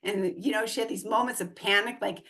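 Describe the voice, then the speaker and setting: A woman's voice: mid-range voice, fairly quick. A woman in her forties, a guest on an interview podcast, talking casually and acting out quoted lines as she tells a story. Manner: animated, acts out quoted dialogue. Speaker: guest real estate investor and coach.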